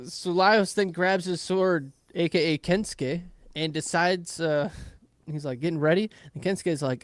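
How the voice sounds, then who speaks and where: A man's voice: fairly high pitch, unhurried, no echo. A man casually recapping an anime episode, swearing freely and acting out characters' lines in playful asides. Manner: animated retelling with playful voiced asides. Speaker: podcast host recapping an anime.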